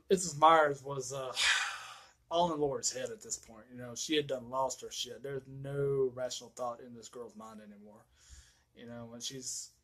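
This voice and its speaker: A man in the middle of a casual movie recap rant, medium-pitched and loose. He rambles through the plot with plenty of fillers and frequent swearing. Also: fairly bright tone, low-quality recording. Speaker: movie reviewer. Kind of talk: casual ranting film recap.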